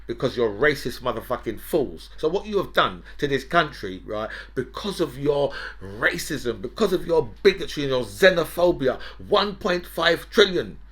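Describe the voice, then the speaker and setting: A man's voice: mid-range voice, big pitch swings, normal speed, hardly any pauses, a bit bright, slightly rough. A man hosting a political commentary show, ranting in a mocking, profane, gloating way.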